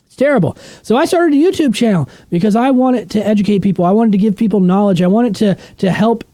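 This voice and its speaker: Emphatic animated man teaching Bible. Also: high voice, fast talker, no echo. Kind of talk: casual Bible study talk.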